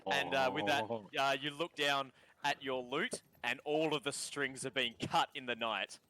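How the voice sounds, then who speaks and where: A man's voice: medium pitch, fairly even intonation, moderate pace, bright, forceful tone, a little hiss or hum. A man with an Australian accent narrating a tabletop game as game master, loose and often laughing.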